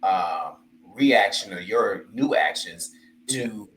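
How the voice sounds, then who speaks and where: A man's voice: fairly low pitch, expressive, slow, fairly bright tone, reverberant, a little hiss or hum, rough recording. A man hosting a casual talk show, speaking in an easygoing, reflective way with plenty of fillers. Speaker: host. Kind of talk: casual chat.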